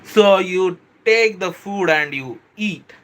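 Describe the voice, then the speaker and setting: A man hosting a live stream, chatting with viewers, reading their comments aloud and explaining a software model, often saying "bro" and "kindly" and correcting himself as he goes. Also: sits high, slow pace. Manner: self-correcting, hesitant restarts. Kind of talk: casual live-stream teaching.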